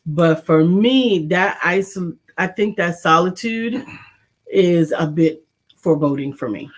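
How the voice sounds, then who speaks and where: A woman's voice: on the low side, measured pace. Sex: woman. Role: co-host. Style: casual livestream chat. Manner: upbeat and chatty, greeting viewers.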